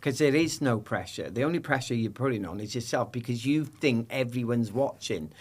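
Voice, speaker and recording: A middle-aged man, a former sprinter, talks as a podcast guest in a lively, jokey way, acting out the voices he quotes. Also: medium pitch, a little fast, breathy edge. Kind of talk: animated storytelling in conversation.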